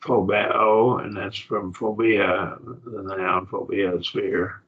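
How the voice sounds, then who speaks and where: A man teaching a Greek grammar class, explaining words slowly and checking in with his students. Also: on the low side, level tone. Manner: slow, explanatory, repeats words and checks with "okay?" and "see?". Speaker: Bible college Greek teacher. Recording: dull lo-fi classroom recording.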